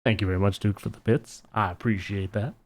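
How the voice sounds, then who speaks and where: A man's voice: on the low side, brisk, slight background noise. A man streaming a video game, reading the dialogue aloud in playful voices and joking in between. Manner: animated, jokey, reads characters' lines in put-on voices.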